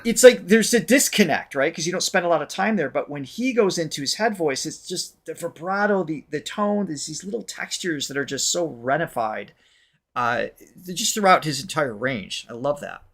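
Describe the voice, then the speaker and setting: A man's voice: a little high, lively intonation, normal speed, a bit bright. A man co-hosting a music reaction show as vocal coach, chatting animatedly and laughing often. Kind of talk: casual music reaction chat.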